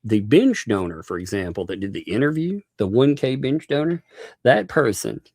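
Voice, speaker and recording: A man's voice: mid-range voice, very animated, normal speed, a little mellow, dry recording, studio quality. A man hosting a live stream, chatting casually, laughing often and thanking viewers by name.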